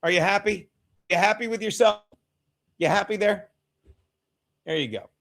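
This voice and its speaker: A man hosting a casual sports watchalong live stream. He reads chat aloud, laughs a lot, swears freely and sometimes shouts at viewers. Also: high voice, normal speed, creaky.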